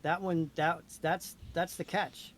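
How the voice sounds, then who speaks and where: A man chatting casually as a guest, talkative and quick to laugh. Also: little pitch movement, a crowd in the background. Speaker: guest voice actor. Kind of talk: casual chat. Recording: faint low rumble.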